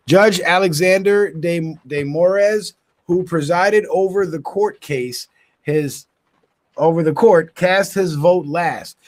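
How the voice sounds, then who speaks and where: Man reading news with indignant asides. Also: a little high. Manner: stumbles and restarts words while reading, adds indignant asides. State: yawning, tired. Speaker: channel host. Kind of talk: reading news aloud with commentary.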